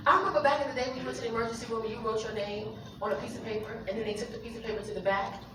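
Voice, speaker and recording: A woman comic on stage, telling a loud, animated story and putting on voices. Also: medium pitch. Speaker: stand-up comic. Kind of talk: stand-up comedy set. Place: comedy club stage. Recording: roomy, distant club recording with loud crowd. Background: audience laughter and room noise.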